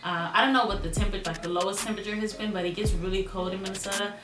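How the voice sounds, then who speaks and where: A woman's voice: medium pitch, steady tone, racing, distant mic. A young woman from Miami talking casually to camera in a vlog, playful and jokey, stressing points by repeating words. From Miami, United States. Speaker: vlogger. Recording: roomy echo, a bit off mic, music behind.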